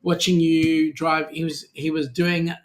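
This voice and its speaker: A man's voice: on the high side, level tone, a little slow. An Australian man hosting a casual livestream chat, joking around and reading out viewer comments. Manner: jokey, reads out viewer comments. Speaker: host.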